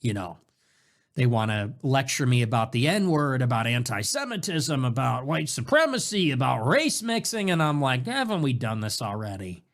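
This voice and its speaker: A man hosting his own show in a casual monologue, animated and sarcastic, jumping between loud bursts and low mutters. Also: normal speed. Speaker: show host.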